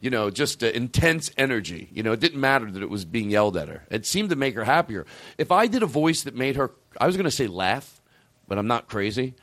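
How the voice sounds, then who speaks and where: A man hosts a loose, chatty show, his pitch swinging up and down as he rambles. He keeps stopping mid-thought and swears without a care. His voice is close and dry, with almost no room sound. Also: big pitch swings, brisk, a bit bright, dry recording. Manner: rambling, self-interrupting, swears freely. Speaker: podcast host. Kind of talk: casual chat.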